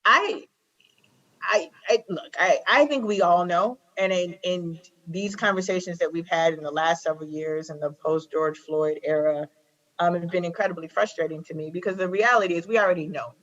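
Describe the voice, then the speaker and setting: A woman's voice: lowish voice, normal speed, a bit bright. A woman in her forties from Chicago, a prosecutor speaking as a guest, telling stories with emphasis and repeating her key phrases. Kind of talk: impassioned conversational talk. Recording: slightly dull lo-fi recording.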